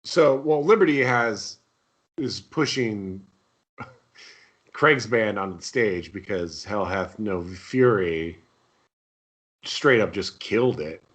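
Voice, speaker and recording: A man's voice: lowish voice, slow, pauses often, fairly bright tone. A man co-hosting a podcast in casual chat, enthusiastic and laughing as he recounts favorite scenes. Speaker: podcast co-host.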